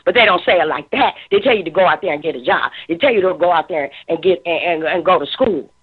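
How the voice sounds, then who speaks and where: Speaking fast in a lowish, expressive voice with a breathy quality, this fifties-aged talk show commentator offers heated social commentary. She preaches emphatically and repeats herself when roused, all over a tinny, phone-like connection.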